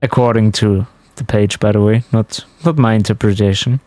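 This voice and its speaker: A man's voice: on the low side, fairly even intonation, moderate pace, a little mellow, no echo. A man chatting casually to his stream viewers while playing, musing aloud as he goes. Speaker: game streamer. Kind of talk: casual live-stream commentary.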